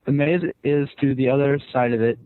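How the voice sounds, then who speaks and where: A man's voice: mid-range voice, brisk, dry recording. Man reading mail over a tinny line. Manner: steady, plain reading. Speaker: guest co-host. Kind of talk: reading a listener email.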